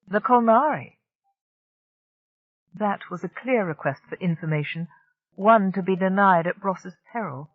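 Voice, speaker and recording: Steady science-fiction audiobook narrator. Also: mid-range voice, moderate pace, dry recording, phone-quality sound.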